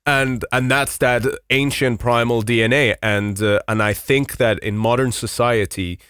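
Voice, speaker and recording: A man hosting a podcast, asking questions in a relaxed, conversational way. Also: mid-range voice, unhurried, smooth, no echo, studio quality. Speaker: podcast host. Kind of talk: casual podcast interview.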